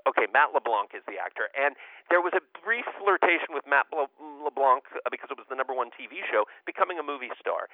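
A man on a remote line from Los Angeles, telling self-deprecating showbiz anecdotes in a casual, lively way. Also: mid-range voice, dry recording, phone-quality sound. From United States. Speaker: guest storyteller.

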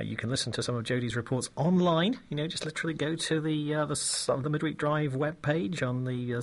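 Fast-talking rambling male radio host. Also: mid-range voice. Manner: rambling, wordy, full of fillers and repeats. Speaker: radio presenter. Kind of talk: casual radio chat.

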